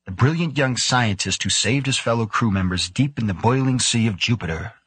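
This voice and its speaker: A man's voice: medium pitch, fairly quick, slightly rough, dry recording, pitched above the performer's own voice. A man voicing a jovial wry older colleague. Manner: jovial, teasing, relaxed. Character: cheerful older male colleague, wry and teasing.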